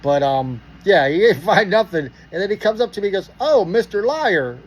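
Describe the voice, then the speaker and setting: A man from Pittsburgh telling a story casually, animated and profane, acting out the dialogue. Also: high voice, fairly quick, low-quality recording.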